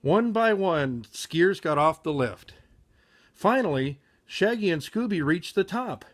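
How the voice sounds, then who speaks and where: A man's voice: sits high, expressive, takes it slowly. A man reading a children's picture book aloud with frequent slips and self-corrections.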